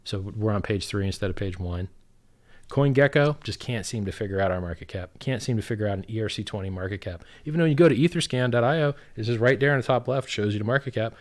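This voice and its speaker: A man ranting in a casual chat, swearing constantly, with sudden loud outbursts and sarcastic mock quotes. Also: fairly low pitch, fast. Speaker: crypto project founder, guest.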